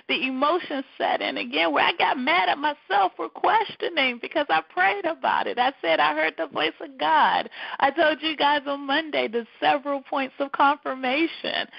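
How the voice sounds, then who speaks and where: A woman's voice: high voice, gravelly, no echo, lo-fi sound. A woman hosting a talk radio show, speaking in an emphatic, repetitive and emotional personal monologue.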